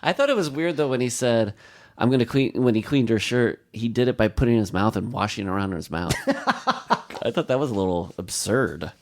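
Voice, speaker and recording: A man's voice: mid-range voice, brisk, darkish tone. A man co-hosting a podcast, chatting casually and rambling with plenty of likes and ums. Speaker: podcast co-host. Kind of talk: casual chat.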